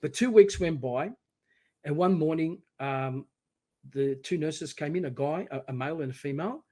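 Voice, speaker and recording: A middle-aged man speaking as a podcast guest, his voice sitting a little high for a man. He tells his story with emphatic, animated energy. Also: normal speed. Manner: emphatic, animated storyteller, often quoting himself. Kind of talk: personal storytelling in conversation.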